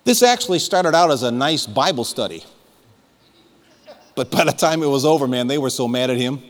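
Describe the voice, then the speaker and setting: A man's voice: mid-range voice, expressive, normal speed, long reverb tail. A man preaching a sermon as pastor, fervent and emphatic, urging his listeners to listen.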